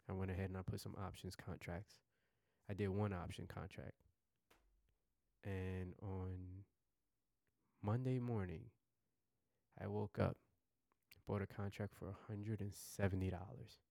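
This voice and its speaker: A man tells his story casually on a podcast, excitable and prone to repeating himself and restarting sentences. His voice is very low and dark, with a gravelly fry. The recording is close and dry. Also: unhurried, long pauses, no echo. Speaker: podcast host.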